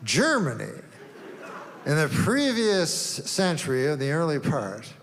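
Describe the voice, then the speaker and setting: A man performing a stand-up routine, talking in a deadpan, rambling way with long setups. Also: fairly high pitch, slow pace, a little hiss or hum. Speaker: stand-up comedian. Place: comedy stage. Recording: live stage recording in a reverberant hall, faint ambience.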